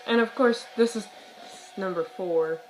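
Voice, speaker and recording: A young woman vlogging about books in casual chat, hoarse and losing her voice, rambling with dramatic outbursts and giggles. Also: mid-range voice, measured pace. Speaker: book vlogger. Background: soft music.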